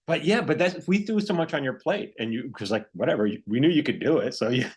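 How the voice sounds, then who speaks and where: A man hosting a podcast, interviewing a guest in casual talk with quick replies and follow-up questions. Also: mid-range voice, animated, a little mellow. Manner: conversational, quick back-channel replies. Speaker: podcast host and screenwriter.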